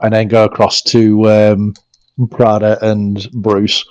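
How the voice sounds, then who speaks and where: A man's voice: fairly low pitch, monotone, slow, a little mellow, smooth, dry recording. Man role-playing through a dull, dry mic. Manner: slips into a character accent. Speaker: player. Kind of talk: in-character tabletop role-play.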